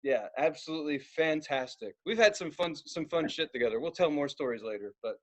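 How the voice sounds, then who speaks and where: Young guy podcast cohost, pretty high voice, tells stories all animated w/ loud bits. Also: brisk. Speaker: podcast co-host. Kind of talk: casual storytelling chat.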